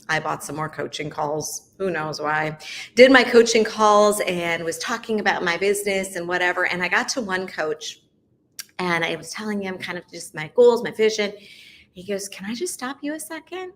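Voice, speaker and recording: A middle-aged woman hosting a faith series, sharing a personal testimony in soft, halting, emotional bursts. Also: fairly low pitch. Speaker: host of a faith video series. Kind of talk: personal testimony, heartfelt talk.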